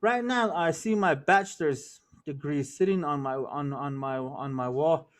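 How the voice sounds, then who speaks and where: A man's voice: fairly high pitch, a little slow. A man telling a traditional story as a lesson, repeating words for rhythm and mixing in Navajo words. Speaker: storyteller and cultural presenter.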